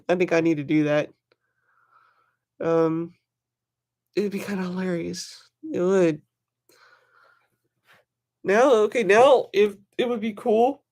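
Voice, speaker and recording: Slow chatty knife collector on a home stream, gets all excited, rambles on, talks to chat by name. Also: medium pitch. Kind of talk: casual livestream chat.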